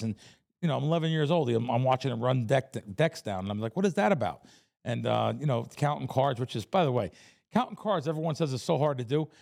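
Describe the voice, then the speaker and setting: Medium in pitch and creaky, the voice belongs to a Bronx-born professional sports bettor. He tells stories bluntly and with animation during a casual interview.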